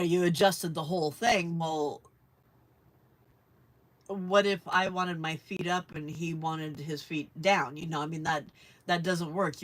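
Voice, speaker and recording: A chatty woman hosting a relaxed crafting livestream. She rambles in a friendly, casual way, often laughs, and answers viewers as she works. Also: low voice. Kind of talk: casual chat while crafting.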